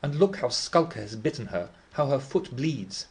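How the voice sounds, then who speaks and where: A man voicing a timid, sheltered young boy speaking in a hushed, anxious way. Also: mid-range voice, lively intonation, moderate pace, voice pushed up, natural voice.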